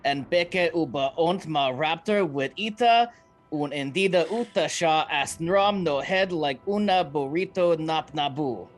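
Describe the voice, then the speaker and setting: A man's voice: a little high, measured pace, faint music behind, natural voice. A man voicing a male rogue who threatens someone in a made-up alien language. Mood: menacing. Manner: menacing gibberish alien speech.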